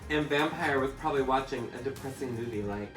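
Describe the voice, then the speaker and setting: A man's voice: mid-range voice, quick pace. Campy man doing a comic dramatic reading. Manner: campy, breaks into laughter. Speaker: drag performer and reader. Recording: echoey room, mic at a distance, faint music.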